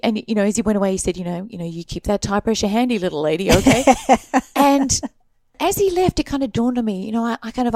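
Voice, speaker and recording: An Australian woman guest telling her stories in a casual interview, animated and laughing often. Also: a little high, creaky, no echo. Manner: animated storyteller, laughs often, acts out quoted voices.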